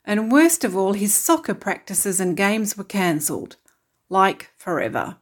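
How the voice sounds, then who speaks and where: Woman, storyteller, children's story read aloud, steady, clear, medium pitch. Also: measured pace.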